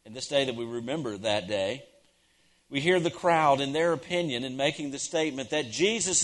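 A pastor with a medium-pitched voice preaches a sermon at normal speed. He swings between loud, emphatic declarations and hushed, almost whispered lines, repeating key phrases for effect.

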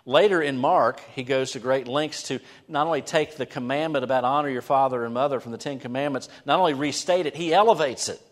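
A man gives an animated sermon in a church sanctuary, his voice at an ordinary middle pitch. He drops to near-whispers, then swells to emphatic lines. The sound carries a long reverb from the big hall around him. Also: fairly quick, hardly any pauses. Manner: animated preaching, shifting from hushed to emphatic. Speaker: pastor.

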